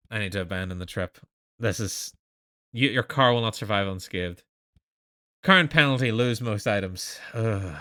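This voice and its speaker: Sarcastic man streaming a game, bright voice. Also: on the low side. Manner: sarcastic, self-mocking, dramatic outbursts. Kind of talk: live gaming commentary.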